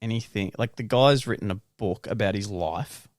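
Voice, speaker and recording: A young man with a lowish voice, talking easily on a podcast. He is frank and relaxed, dropping casual swears as he makes his points. The sound is dry and close-miked. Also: normal speed, no room sound. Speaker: podcast co-host. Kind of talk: casual chat.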